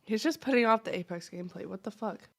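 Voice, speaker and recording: A woman's voice: medium pitch, fast talker, creaky. A woman streamer trading crude, teasing jabs with a friend while gaming, swearing a lot and chewing into her mic. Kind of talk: casual gaming stream banter.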